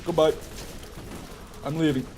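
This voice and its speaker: A man's voice: on the high side, steady tone, unhurried, background noise. A man streaming a video game live, chatting casually, joking and answering his chat as he plays. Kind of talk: live gameplay commentary.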